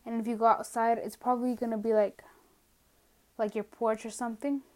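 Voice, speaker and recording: A young woman with a slightly high voice talks alone into her podcast from home. She rambles in a casual, self-mocking way, trails off into asides, and sounds a little out of breath. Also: little pitch movement, brisk, a little mellow. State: a bit out of breath. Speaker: podcast host. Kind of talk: casual solo rant. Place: at home, indoors.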